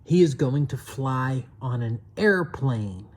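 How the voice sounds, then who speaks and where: Slow, expressive woman storyteller. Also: a bass voice. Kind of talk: children's story narration.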